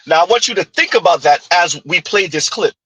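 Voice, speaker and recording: A husky man hosts his commentary, addressing viewers emphatically with rhetorical questions. His tone is bright and forceful, and the sound is dry and close. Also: high-pitched, expressive, brisk, no room sound, rough recording. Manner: emphatic, rhetorical, talks to the audience. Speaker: host.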